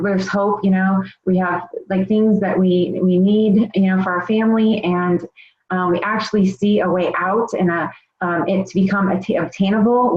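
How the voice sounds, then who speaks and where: Earnest rambling woman in an echoey room. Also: mid-range voice. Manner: earnest, rambling, many fillers. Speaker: health coach. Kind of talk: personal testimonial. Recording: echoey, slightly muffled room recording.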